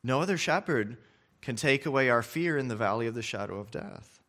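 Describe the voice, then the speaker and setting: A man preaching a sermon in a conversational way, often checking in with the listeners with quick questions and repeating words as he restarts his phrases. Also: medium pitch, animated, fairly bright tone. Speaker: pastor.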